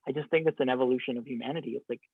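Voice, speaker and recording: A man's voice: medium pitch, fairly even intonation, racing, breathy edge, no echo. Man on a tinny remote line. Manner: reflective, rambling with restarts. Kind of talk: casual podcast conversation. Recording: dry, phone-like narrow sound.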